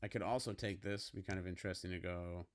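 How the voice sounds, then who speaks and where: In this screen-recorded classroom tutorial, a man from the United States walks through a typography activity example on screen, keeping it casual and coaxing with frequent "okay?" check-ins. He's a fast talker with a low pitch and fairly even intonation.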